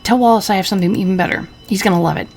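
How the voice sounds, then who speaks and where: Give me a woman playing a drunken, scheming old-time husband with a gruff, gravelly voice. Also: medium pitch, racing, a little mellow, faint music behind, natural voice. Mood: grumbling. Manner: gruff, cursing. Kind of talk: reading game dialogue aloud.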